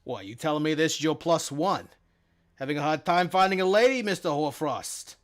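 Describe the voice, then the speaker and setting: A man voicing a blustering, suspicious male town constable who talks gruff and streetwise. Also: a little high, expressive, normal speed, close to an everyday voice. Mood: aggressive, bullying. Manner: gruff, bullying, streetwise talk.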